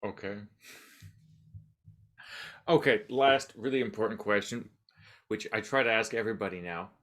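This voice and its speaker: Male podcast host, lowish voice, thinks aloud, wanders then wraps up with a shrug. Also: normal speed, fairly bright tone. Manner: musing, self-deprecating, trails off with "but anyway". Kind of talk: casual interview chat.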